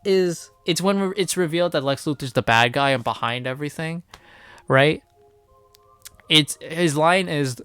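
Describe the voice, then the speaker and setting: A man giving a casual spoken movie review, rambling and swearing freely, with animated outbursts. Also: on the high side, moderate pace, smooth, no echo. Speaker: film reviewer.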